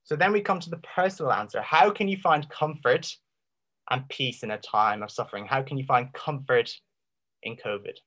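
Man, impassioned preacher, rhetorical questions, dramatic pauses, middle pitch. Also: fairly bright tone. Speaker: Christian speaker. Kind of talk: apologetics talk.

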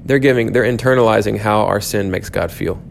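A man's voice: on the low side, brisk, vocal fry, a little hiss or hum. A man teaching a church class, thinking aloud with frequent restarts and fillers.

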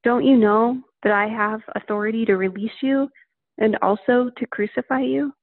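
A woman's voice: fairly high pitch, fairly even intonation, moderate pace, no room sound. A woman reading as a stern Roman governor. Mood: questioning. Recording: tinny phone-like line.

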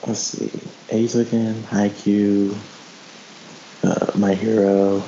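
Low-voiced man, hesitant podcast guest. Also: level tone, slow pace, dark tone, slight background noise. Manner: hesitant, many restarts. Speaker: guest co-host. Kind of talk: casual podcast chat. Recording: dull lo-fi sound.

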